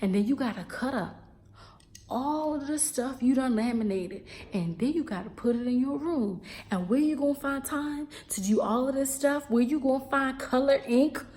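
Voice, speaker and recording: Young woman w/ baltimore accent, sassy chatty vlog, calls you baby and honey, kinda high but mellow. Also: moderate pace. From Baltimore, USA. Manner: animated, sassy, drops into dialect with asides like "baby" and "honey". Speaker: teacher vlogger. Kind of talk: casual storytelling vlog.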